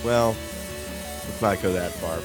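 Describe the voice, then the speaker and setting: Laid-back low-voiced male co-host. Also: unhurried, music in the background. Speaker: podcast co-host. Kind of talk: casual podcast chat.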